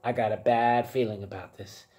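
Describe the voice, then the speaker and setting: A man voicing a confused, disoriented male rabbit-like alien inventor who talks fast and flustered, pitched up from his own voice. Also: steady tone, darkish tone, lightly acted.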